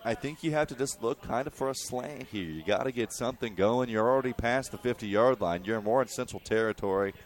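Young man, fairly low voice, football color analyst, coach-like explanations. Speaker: color commentator.

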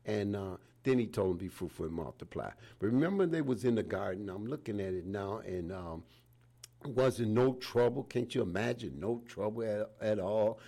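A man's voice: fairly low pitch, moderate pace, dark tone. A man in his seventies preaching an informal sermon in a folksy way, often repeating "praise the Lord" between phrases. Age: 70s.

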